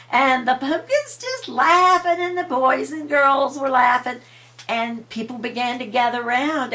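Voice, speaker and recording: An older grandmother with a creaky voice telling a bedtime story gently and with chatty asides. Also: a little high. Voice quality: old, creaky voice.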